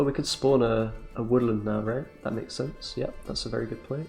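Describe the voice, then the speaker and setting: A man's voice: medium pitch, steady tone, moderate pace, vocal fry, hardly any pauses, darkish tone, faint music behind. A man giving casual, jokey commentary while playing a card game, laid-back and slangy, laughing often.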